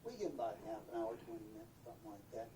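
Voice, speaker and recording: An older storyteller telling a folksy tale aloud, animated and acting out voices and sounds, recorded from a distance in a roomy space. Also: medium pitch, rapid-fire. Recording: roomy, distant mic, faint noise.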